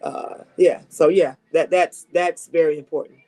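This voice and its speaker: A woman's voice: deep voice, steady tone, unhurried, mellow, faint music behind. A woman who works as a car salesperson, giving casual advice from her desk at a dealership. She is coming down with a cold, and she talks in an emphatic, chatty way, repeating her key points. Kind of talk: casual advice talk to camera.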